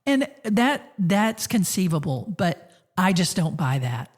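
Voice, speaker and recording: A woman with a fairly low voice hosts a relaxed podcast chat. She tells stories in an easygoing way, laughing often between thoughts. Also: slow, slightly rough. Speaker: podcast host. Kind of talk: casual conversation.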